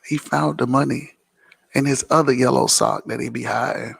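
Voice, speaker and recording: A man's voice: medium pitch, steady tone, normal speed, gravelly, in a large hall. A man hosting a casual vlog and Q&A at home, teasing and laughing, then explaining things plainly. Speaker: host.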